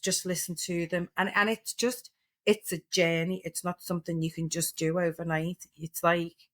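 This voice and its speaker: A middle-aged woman, a therapeutic coach, talking earnestly as a podcast guest and explaining ideas through everyday examples. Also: low-pitched. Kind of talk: reflective interview talk.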